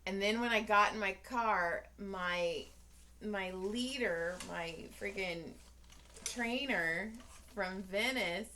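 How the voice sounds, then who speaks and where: A woman co-hosts a casual chat podcast with her husband, spinning a story and slipping into the voices of the people in it. Her tone is bright and forward. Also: medium pitch, slow. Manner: animated storyteller acting out conversations. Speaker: podcast co-host.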